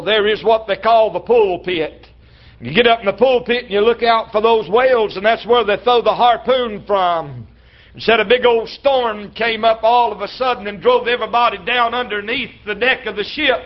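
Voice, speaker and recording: A man preaching a sermon in a folksy way, acting out little dialogues and sometimes breaking into shouts. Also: extremely high pitch. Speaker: traveling preacher. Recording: slightly dull lo-fi church recording.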